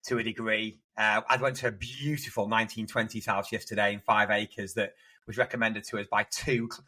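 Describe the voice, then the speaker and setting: A man's voice: on the low side, level tone, brisk, sharp tone, rough recording. A man co-hosting a casual podcast, telling rambling work anecdotes with lots of restarts. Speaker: podcast co-host, estate agent.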